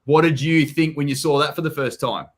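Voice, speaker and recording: A man's voice: fairly high pitch, a little fast. An Australian man hosting a live property Q&A, blokey and jokey, calling people mate. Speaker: property coach host. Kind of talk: live Q&A chat.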